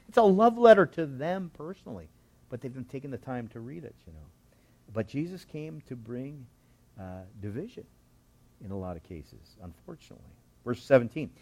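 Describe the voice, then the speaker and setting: A man's voice: medium pitch, moderate pace. A man preaching a sermon, teaching through a Bible passage verse by verse and acting out the characters' lines with sarcasm and frequent chuckles. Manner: animated, voices the scripture characters with sarcasm; chuckles often while teaching. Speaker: pastor.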